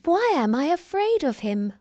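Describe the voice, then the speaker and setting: A woman's voice: sits high, big pitch swings, normal speed, dark tone, no echo, highs cut off, voice pushed up. A woman voicing a kind, brave young heroine in a storybook reading, with an earnest lifted tone.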